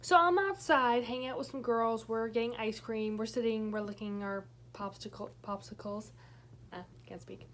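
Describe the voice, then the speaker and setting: A young woman vlogger telling a personal story in a chatty way, with many fillers and animated quoting. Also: fairly high pitch, moderate pace, slight background noise. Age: young adult. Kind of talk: storytime vlog.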